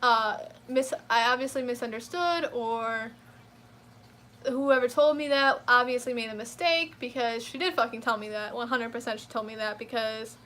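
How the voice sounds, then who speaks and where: A young woman telling a profane, animated story in a casual storytime rant. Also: a little high. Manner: profane, animated, quick to flare up. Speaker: vlogger.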